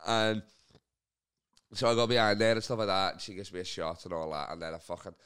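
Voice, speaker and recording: Young guy, low voice, rapid rambling storyteller, swears constantly. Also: a bit bright, clean tone. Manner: rambling, heavy swearing, lots of fillers. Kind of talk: casual storytelling chat.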